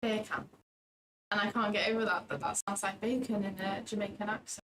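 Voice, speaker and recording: A woman joining a friend's live stream, excitable and teasing in casual chat. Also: medium pitch, fast talker, poor audio. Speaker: co-host friend.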